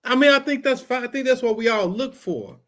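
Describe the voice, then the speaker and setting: A man's voice: extremely high pitch, animated, brisk, a bit bright. A man co-hosting a podcast in casual chat, laid-back and matter-of-fact. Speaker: podcast co-host.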